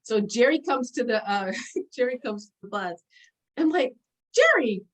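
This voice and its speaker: Woman in her forties, lively storyteller, slightly high voice, laughs often, loose casual delivery full of fillers. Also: moderate pace, low-quality recording. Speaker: guest sharing memories.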